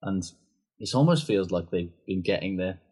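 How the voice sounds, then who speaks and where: Husky-voiced man in sweary rugby banter. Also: sits low, lively intonation, moderate pace, dark tone. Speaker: podcast co-host. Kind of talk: casual chat.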